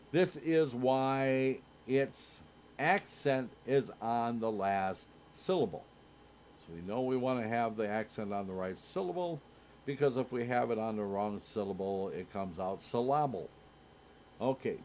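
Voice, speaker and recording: A man teaching a Torah study, slowly reading verses and commentary aloud with frequent pauses and fillers. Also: mid-range voice, expressive, darkish tone, slight background noise. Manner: slow, halting reading with many filler sounds. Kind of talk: reading and explaining scripture. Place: synagogue.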